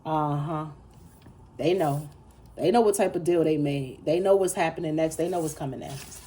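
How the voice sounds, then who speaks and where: A woman's voice: fairly low pitch, animated, normal speed. Blunt, profane woman giving a tarot reading. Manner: blunt, profane and emphatic, with a lot of repetition; laughs between lines. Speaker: tarot reader. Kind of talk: casual tarot reading to camera.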